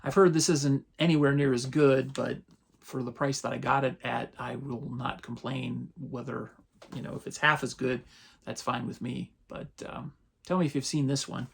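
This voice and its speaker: A man, casually running through his latest movie purchases as a channel host, relaxed and rambling. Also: medium pitch, moderate pace, vocal fry, husky. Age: 50s. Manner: relaxed, rambling, chuckles often. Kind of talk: casual haul rundown.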